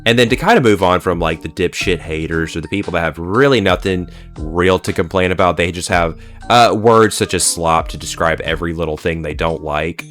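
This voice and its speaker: A man with a deep, low voice rambles through a solo video rant. He swears freely and leans on "like" and "uh" as he goes. Soft music plays faintly underneath. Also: fairly quick. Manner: rambling, profane, heavy use of "like" and "uh". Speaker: pop culture commentator. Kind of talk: ranting solo video commentary.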